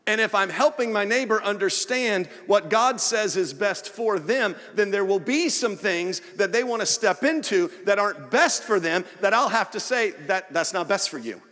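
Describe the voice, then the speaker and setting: High-voiced preacher in a reverberant church hall. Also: male voice, moderate pace, hardly any pauses, pushed and bright. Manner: earnest preaching with acted-out asides. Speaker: pastor. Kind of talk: sermon. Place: church sanctuary.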